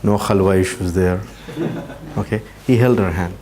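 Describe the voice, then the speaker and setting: A man giving a talk to an audience, telling a story at an unhurried pace and dropping his voice to near-quiet at emotional moments. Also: sits low, slight background noise. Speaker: speaker at a training session.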